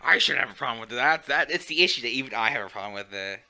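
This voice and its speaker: A man's voice: medium pitch, lively intonation, very fast, gravelly, bright, forceful tone. A man co-hosting a podcast who chimes in with short quips and laughter during casual chat.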